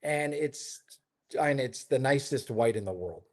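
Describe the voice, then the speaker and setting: A man of middle pitch speaking as a guest on an interview call, relaxed and chatty. He rambles through his stories with plenty of ums, you-knows and restarts. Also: a little slow. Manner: chatty storyteller, many fillers and restarts. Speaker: hotel developer, interview guest. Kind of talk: casual conversational interview. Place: his home in Lisbon.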